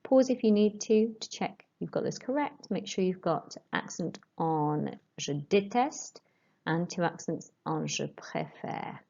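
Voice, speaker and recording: A woman French teacher giving a recorded lesson, dictating sentences slowly and clearly and repeating each prompt. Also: on the low side, sing-song, warm tone, highs cut off.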